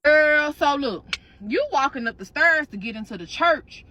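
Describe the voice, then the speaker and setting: A woman's voice: high voice, expressive, normal speed, sharp tone. A woman telling a dramatic second-person storytime, sassy, slangy and profane. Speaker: storytime creator.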